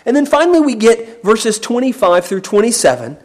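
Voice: mid-range voice, sing-song, a little fast. A Bible teacher giving a sermon, explaining a passage with emphasis and often repeating words.

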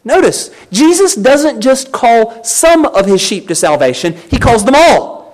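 A man delivers a sermon in a high, animated voice. He speaks emphatically, urging his listeners on, with his pitch rising and falling widely. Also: measured pace. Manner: emphatic, exhorting the congregation. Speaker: pastor.

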